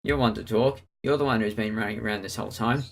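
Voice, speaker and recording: A man reading a visual novel aloud in a steady storytelling manner, narrating and speaking the hero's lines. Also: on the low side, fast talker, creaky. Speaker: let's player.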